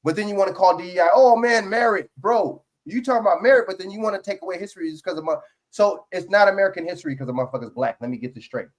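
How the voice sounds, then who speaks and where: New guy going off on a podcast, kinda high voice, swearing a lot, keeps restarting. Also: rapid-fire. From New York. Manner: profane, heated ranting with many restarts. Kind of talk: heated political podcast chat.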